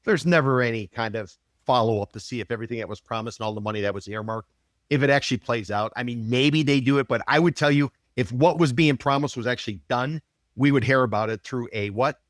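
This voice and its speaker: A man co-hosts a podcast, talking quickly in a middle-pitched voice. His takes are blunt and skeptical, and he delivers them briskly in a close, dry sound. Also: no room sound. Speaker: podcast co-host, market analyst. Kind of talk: casual podcast chat.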